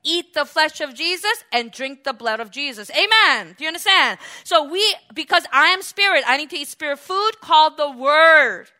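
Woman preacher, high bright voice, animated sermon, loud then hushed. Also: moderate pace, few pauses. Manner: animated, acts out quotes, swings from loud exclamations to quiet asides.

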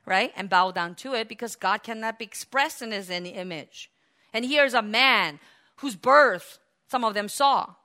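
A woman preaching a sermon, animated, acting out the voices of the people in her story. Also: a little high. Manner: animated, acts out voices of biblical figures.

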